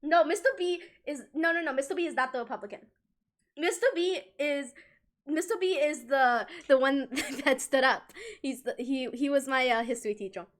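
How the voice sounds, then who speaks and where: A young woman streamer telling a rambling, animated story in casual chat, full of restarts and giggles. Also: sits high, moderate pace.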